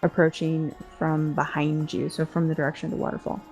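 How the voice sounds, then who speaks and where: A woman's voice: low-pitched, little pitch movement, fairly quick, a little mellow, soft background music. A woman narrating as dungeon master in a laid-back, easygoing way, with frequent filler words and laughter. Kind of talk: narrating a tabletop game.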